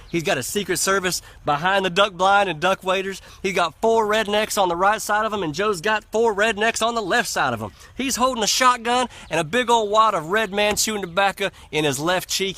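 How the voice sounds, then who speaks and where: A man telling a long comic story in a folksy, lively way. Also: high-pitched. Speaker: comedian storyteller.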